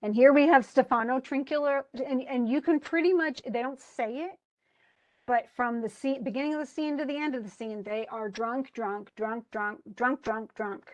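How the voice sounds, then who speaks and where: A woman's voice: high voice, normal speed, darkish tone, muffled recording. A woman teaching, casually retelling a play and paraphrasing it in modern everyday speech. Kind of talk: casual literature lesson.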